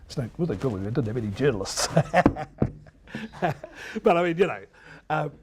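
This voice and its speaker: A man's voice: medium pitch, animated, normal speed, noisy background. An older man, a veteran radio broadcaster lecturing students, telling anecdotes and mimicking old announcers. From New Zealand. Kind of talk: reminiscing lecture.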